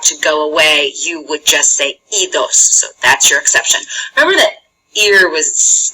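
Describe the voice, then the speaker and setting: A woman's voice: low voice, sharp tone, breathy edge, poor audio. A woman teaching a Spanish lesson in a chatty, encouraging way, explaining step by step and checking in often. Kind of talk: recorded classroom lesson.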